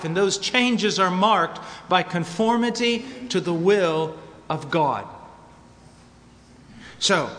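Emphatic high-voiced preacher man. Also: pushed and bright. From United States. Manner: emphatic, varies pace, repeats for stress. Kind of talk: sermon. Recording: long hall reverb.

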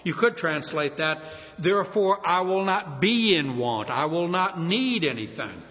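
A man preaching a sermon, his voice somewhat high and swinging widely up and down as he tells homely stories. The sound is a little dull and lo-fi, with a long reverb trailing behind him. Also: measured pace. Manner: folksy, storytelling, lively pitch.

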